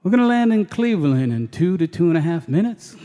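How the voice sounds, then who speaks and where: A man imitating a calm male airline pilot making a brisk, unbothered announcement. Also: sits high, big-room sound, background noise. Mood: deadpan calm.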